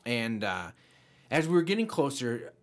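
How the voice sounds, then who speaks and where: Animated man telling a story. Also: measured pace. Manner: animated, voice jumps high when quoting himself. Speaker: podcast co-host. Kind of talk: casual storytelling chat.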